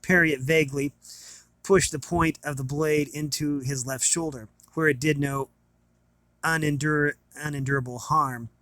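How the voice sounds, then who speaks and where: A man's voice: fairly high pitch, pushed and bright, no room sound. Man reading a novel aloud. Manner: plain reading with small restarts. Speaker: reader.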